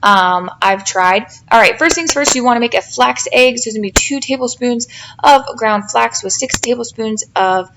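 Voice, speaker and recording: This cooking vlogger and mom talks through her dish in a casual voice-over, sounding tired and yawning as she chats, pokes fun at herself, and rambles with fillers. Her voice is fairly high with a gravelly edge, moving at a normal speed. The home voice-over mic picks up a noisy background.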